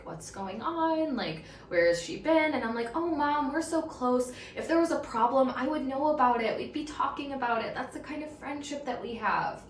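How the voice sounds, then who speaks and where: A young woman hosts her own podcast and tells a personal story in a candid, emotional way. Her voice sits at a middle pitch and carries a roomy echo, and she sounds a little distant from the mic. A faint hiss of noise runs underneath. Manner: candid, emotional, animated retelling. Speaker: podcast host.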